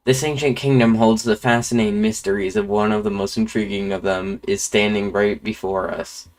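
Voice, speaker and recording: A man's voice: on the low side, steady tone, natural voice. Quirrell, a man doing an Irish-accented bug explorer. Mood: friendly. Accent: put-on Irish. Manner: reading aloud with halting slips. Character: curious wandering male bug explorer, genteel. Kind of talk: reading game dialogue aloud.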